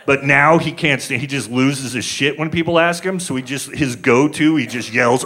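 A man's voice: mid-range voice, normal speed, pushed and bright. Man telling a stand-up story. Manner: conversational, acting out quoted voices. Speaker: stand-up comedian. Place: comedy club stage. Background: audience laughter.

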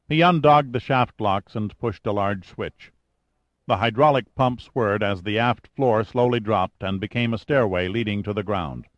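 A man narrating an audiobook with steady, even storytelling. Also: lowish voice, no room sound, dull audio. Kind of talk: scripted narration.

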